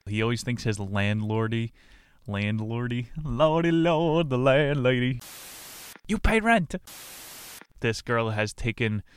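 A man's voice: on the low side, clean tone, dry recording. A young man hosting a show, riffing through a comedic book recap with brash, crude jokes. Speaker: podcast host.

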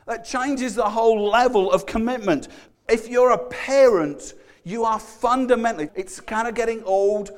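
A man's voice: sits high, expressive, moderate pace. A middle-aged man preaching a conversational sermon, chatty and self-deprecating, with frequent restarts and stammered repeats. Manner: chatty, self-deprecating, acts out everyday voices.

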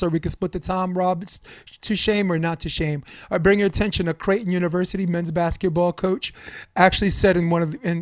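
A man's voice: high-pitched, no room sound, clean studio sound. A man hosting a casual sports debate podcast, a coach and commentator, talking candidly and rambling with fillers.

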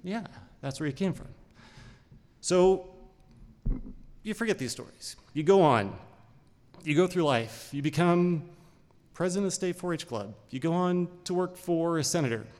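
A middle-aged man from Idaho telling a personal story in a conversational, unhurried way, with short phrases and pauses. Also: a little high, animated, darkish tone. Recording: long reverb of a large hall.

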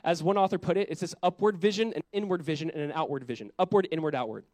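A male pastor preaching at a fast clip in a high, lively voice, throwing questions at his listeners and then sinking to a hushed tone for reflective points. The sound is dry and close, with almost no room echo. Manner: animated, rhetorical questions to the congregation; drops to a soft, quiet voice on reflective lines. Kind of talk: sermon.

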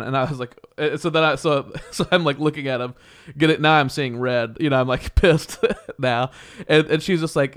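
A young man casually telling a story, animated and heated, laughing often and swearing. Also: fairly high pitch, brisk, clear, resonant tone. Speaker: podcast co-host.

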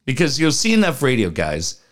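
A man's voice: mid-range voice, a little fast. A man co-hosting a sports radio show, chatting casually, telling stories with lots of swearing and acted-out quotes. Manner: animated storyteller, swears freely, acts out quoted voices.

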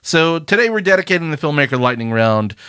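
A man co-hosts a movie podcast with a lively, swinging voice that rises and falls a lot. He reacts quickly in casual chat, and the sound is dry and close. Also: a little high, smooth, dry recording. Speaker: podcast co-host.

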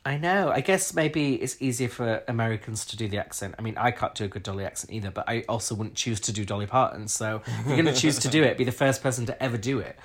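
A British man co-hosts a podcast, giving frank, opinionated takes in a casual chat reviewing a TV episode. His medium-pitched, slightly rough voice moves fast with hardly any pauses.

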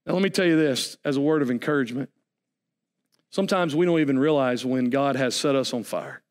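A man preaching a sermon as pastor, animated and folksy, with jokes and asides to the congregation. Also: medium pitch, fairly quick.

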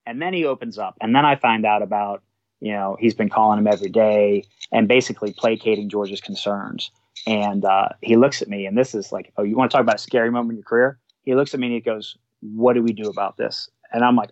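A man's voice: on the low side, fast, no echo, muffled recording. A man, a fire department supervisor, telling a work story in a casual way and acting out the quoted dialogue. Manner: animated, acts out quoted dialogue.

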